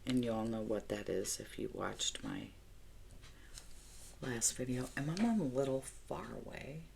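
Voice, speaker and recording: A woman's voice: extremely low pitch, unhurried, creaky, a little hiss or hum. A middle-aged woman chatting casually as she tells a story while decorating her planner at home. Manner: chatty, animated storyteller who talks to herself while decorating. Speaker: planner vlogger.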